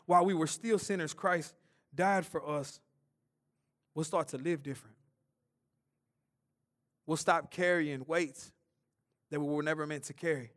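Male preacher, high voice, impassioned church sermon, loud and hushed in turns. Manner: impassioned, swings between loud urgency and hushed intensity, repeats words.

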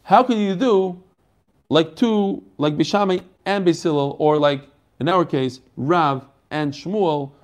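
A man with a fairly high voice teaches a daily Talmud class. He explains quickly and animatedly, mixing Hebrew and Yiddish terms into his English.

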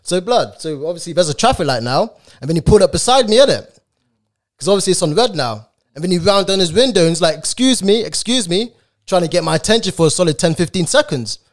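Young guy, quick chatty storytelling, slang everywhere, innit after every line. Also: high-pitched, very animated. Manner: slangy, repeats "innit" as a tag. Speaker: podcast co-host. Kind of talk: casual storytelling chat.

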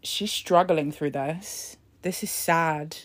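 A woman's voice: low voice, takes it slowly. Campy sarcastic woman commenting live. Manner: campy, laughing often, sassy asides. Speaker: live commentator on a press conference.

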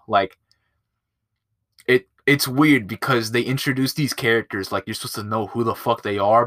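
Rambling, profane podcast guy, low voice. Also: fairly bright tone, no echo. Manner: rambling and profane, with lots of filler. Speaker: podcast host. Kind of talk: casual movie-review podcast.

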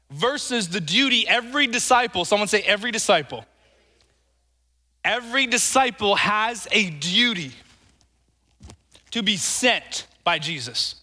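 A male preacher with a high, ringing voice delivers an emphatic sermon, repeating his phrases and calling on the congregation to answer back. His bright tone carries through a large hall with a long, lingering reverb. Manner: emphatic, calls for congregation responses, repeats words.

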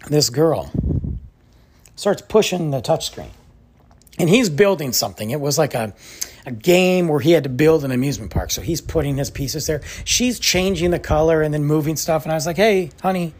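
Husky, animated male podcast host. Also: a little high, normal speed. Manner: animated, exasperated, lots of "like". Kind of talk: casual storytelling.

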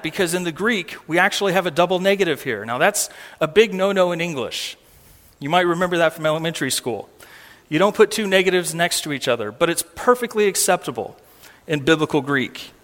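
High-voiced man preaching with emphatic repetition. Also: a bit bright, in a large hall. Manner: emphatic, repeats words for stress. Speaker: pastor. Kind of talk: sermon.

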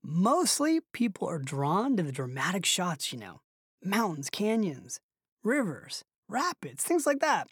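A woman voicing an elderly, gentlemanly male barista who speaks slowly and thoughtfully in an audiobook reading. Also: fairly low pitch, big pitch swings, breathy edge, no echo, studio quality, exaggerated voice. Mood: musing. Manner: slow, thoughtful, old-school.

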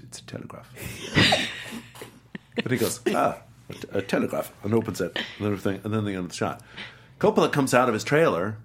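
His voice is husky and on the low side. The middle-aged guest actor tells an easygoing story with plenty of animation, slipping into the voices and accents of the people he describes.

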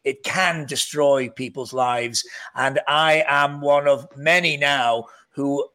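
A man with a blended North Welsh and Scouse accent, a guest actor telling stories in an animated, self-mocking way with frequent restarts. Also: mid-range voice, takes it slowly. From North Wales near Liverpool. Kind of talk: casual interview chat.

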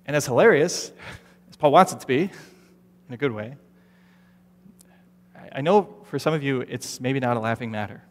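Animated preacher in an echoing hall. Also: male voice, medium pitch, moderate pace, pauses often. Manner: animated, acts out listeners' doubts in quoted asides. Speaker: pastor. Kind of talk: sermon. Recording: long reverb of a large hall.

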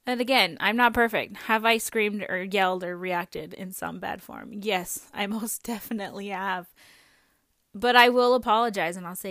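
A young woman hosts a podcast, speaking in a candid, rambling way with small laughs scattered through her talk. Her voice sits at a middling pitch. The sound is dry, with little room echo. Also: normal speed, fairly bright tone. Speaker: podcast host. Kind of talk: personal reflective monologue.

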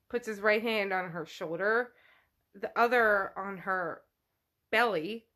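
A woman's voice: mid-range voice, a bit bright. A woman podcast host casually retelling a novel chapter by chapter, peppering her speech with "like". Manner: chatty, peppered with "like".

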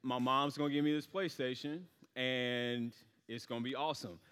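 A man's voice: mid-range voice, steady tone, normal speed, fairly bright tone, clean tone, big-room sound. A young adult man preaching a storytelling sermon in a casual, rambling way, full of fillers.

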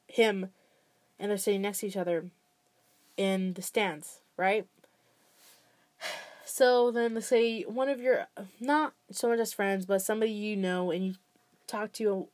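A woman's voice: medium pitch, a little mellow. A young woman giving casual, rambling relationship advice, full of fillers and "blah, blah, blah.".

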